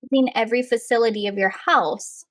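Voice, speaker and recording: A woman's voice: fairly high pitch, no room sound. A young woman co-hosting a podcast, reading out a listener's story and reacting in casual chat with frequent laughs. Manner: expressive, laughs often, quick reactions. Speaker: podcast co-host.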